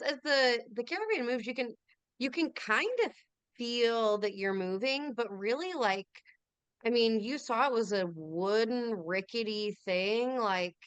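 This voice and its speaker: A woman narrating as game master of a tabletop game, unhurried and full of pauses. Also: medium pitch, a bit bright, smooth, dry recording. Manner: unhurried, with many fillers and pauses. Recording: dry, with faint music behind.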